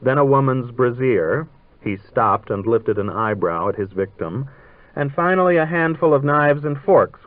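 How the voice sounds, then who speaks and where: Male narrator, measured literary reading, dry close sound, tinny phone-like old radio. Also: mid-range voice, no echo. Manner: measured, dryly ironic storytelling.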